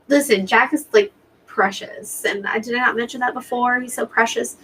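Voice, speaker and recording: A woman's voice: fairly high pitch, steady tone, moderate pace, fairly bright tone, a little hiss or hum, low-quality recording. A woman hosting a live stream watch party, chatting to her viewers in an emotional, talkative way. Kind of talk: casual live commentary to viewers.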